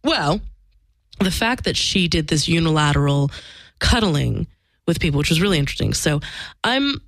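A woman with a slightly low voice tells a personal story in a candid, emphatic way, swearing freely and acting out quoted dialogue. The recording is dry and close, with no room sound. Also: no room sound.

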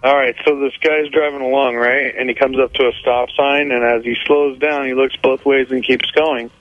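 A man calling in to a radio show and telling a joke as an energetic storyteller. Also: mid-range voice, normal speed, dry recording, faint music behind. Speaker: caller. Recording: muffled phone line.

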